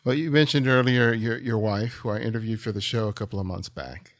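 A man's voice: on the low side, brisk, dry recording. A man hosting a podcast interview, asking questions in a conversational, empathetic way with frequent repeated words.

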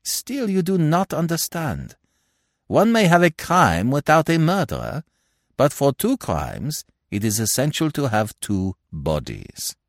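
A man's voice: on the high side, wildly swooping pitch, a little slow, no echo, studio quality, voice pushed up, exaggerated voice. A man voicing a fussy, self-assured older Belgian detective who lectures with precise, impatient logic in an audiobook reading. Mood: lecturing.

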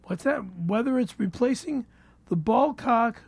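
A man reading ads on a comedy podcast, halting and stammering, nervous and repeating himself. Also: extremely high pitch, expressive, creaky, a little mellow, husky, dry recording. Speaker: show regular reading ads. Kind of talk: casual comedic podcast banter.

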